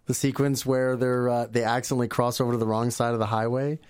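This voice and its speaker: Man, podcast co-host, wry chatty storyteller, mid-pitched voice, dry close mic. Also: flat delivery, fast, darkish tone, smooth, no room sound. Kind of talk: casual chat.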